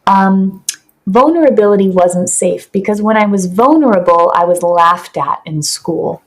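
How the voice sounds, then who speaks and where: A woman talks through ideas on a podcast in an earnest, teaching manner. Her voice sits in a middle range for a woman. She reaches for vivid everyday examples to make her points. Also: mid-range voice. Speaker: podcast guest, somatic practitioner. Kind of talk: explanatory podcast talk.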